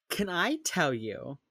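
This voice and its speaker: A woman's voice: deep voice, fairly bright tone, breathy edge, no room sound, clean studio sound. A woman chatting casually on a podcast, recapping a TV episode and acting out the characters' lines with lots of laughter. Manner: swears casually. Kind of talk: casual chat.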